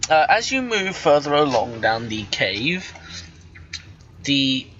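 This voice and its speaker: A man running a tabletop game as game master over a voice call, talking in halting bursts full of restarts. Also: medium pitch, big pitch swings, fairly bright tone. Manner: halting, with many restarts and stammers. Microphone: computer microphone on a voice call. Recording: dull voice-chat audio with faint noise.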